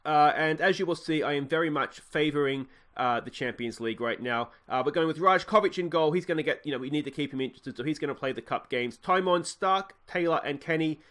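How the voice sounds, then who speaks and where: Australian man, let's play commentator, slightly high voice, relaxed and chatty. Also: brisk, few pauses. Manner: chatty, easygoing, lots of ums and uhs. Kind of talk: video game commentary.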